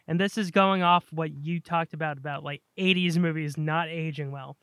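A man co-hosting a casual chat about movies, eager and rambling, tripping over repeated words when excited. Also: a little high, moderate pace, clean tone, dry recording, clean studio sound. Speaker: podcast co-host.

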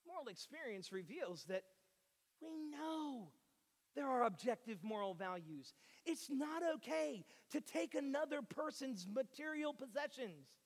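Male preacher, high voice, animated and dynamic, long hall reverb. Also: unhurried. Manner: animated, swings between loud and hushed, acts out voices. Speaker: pastor. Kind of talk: sermon.

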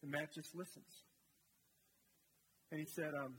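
A male guest preacher speaks to his congregation in a relaxed, storytelling manner, with asides to the people in the pews. His voice sits high for a man. The room rings with a long hall reverb, and a faint noise sits underneath. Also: moderate pace, long pauses. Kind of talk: sermon. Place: church sanctuary.

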